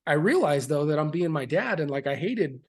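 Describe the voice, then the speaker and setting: A man's voice: fairly high pitch, big pitch swings, a little fast, slightly rough. Frank man in his thirties. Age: 30s. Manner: frank and earnest, with loose fillers and restarts. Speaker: podcast guest, military veteran. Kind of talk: candid interview storytelling.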